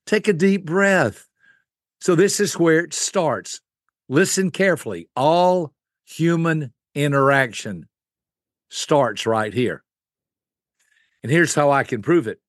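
An older man, a guest expert, explaining personality types in an animated teaching style, acting out quick voices. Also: fairly high pitch, no room sound, studio quality.

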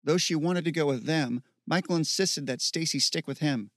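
A man reads fantasy prose aloud in a steady, measured way. His voice sits a little higher than most men's, and the recording is dry and close. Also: dry recording. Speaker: narrator. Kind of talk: audiobook narration.

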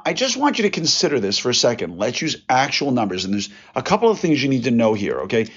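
Chatty male podcast host, lively voice. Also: medium pitch, breathy edge, dull audio. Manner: chatty, folksy asides, works through numbers aloud. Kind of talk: casual solo podcast monologue.

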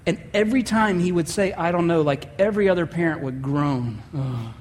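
A man's voice: fairly high pitch, a little fast, in a large hall. A man preaching a sermon as pastor, telling a story and acting out the voices he quotes.

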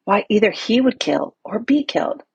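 A woman's voice: medium pitch, very animated, moderate pace, gravelly, a little mellow, breathy edge, no echo, muffled recording, heavily acted. A woman reading the part of a resentful, scheming male lord with a sly, grumbling manner.

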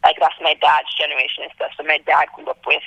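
In a dull-sounding, roomless recording, a young woman from Antigua tells her travel-blogging story as a guest, her voice fast and husky. She performs other people's words with big swings in pitch, keeping things lively.

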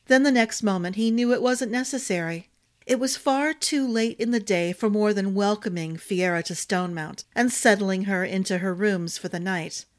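A woman storyteller reading a fantasy novel aloud in a steady, expressive narration. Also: mid-range voice, moderate pace.

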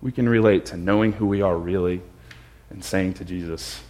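A male pastor preaches a reflective sermon with a low voice. He repeats his phrases for emphasis and often drops to a quieter tone. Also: fairly even intonation, moderate pace.

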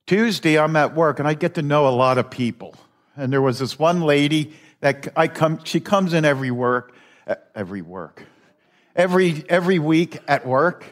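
A middle-aged man preaching in a church with a slightly raised voice. He talks slowly and casually, wandering through his thoughts with restarts and small chuckles. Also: a little high. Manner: rambling, folksy, with restarts and chuckles. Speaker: lay preacher. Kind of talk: conversational sermon. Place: church sanctuary.

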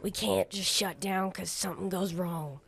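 A woman's voice: lowish voice, fairly even intonation, moderate pace, dry recording. A woman with a Southern US accent playing an old, toothless, chain-smoking diner waitress who is blunt and sarcastic. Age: older. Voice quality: raspy, gravelly. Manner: blunt and sarcastic, sometimes muttering under her breath.

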